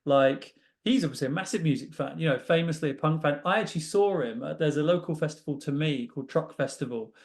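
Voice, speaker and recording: Chatty higher-voiced male podcast host. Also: fast talker, few pauses. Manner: chatty, laughing storyteller. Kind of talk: casual interview chat.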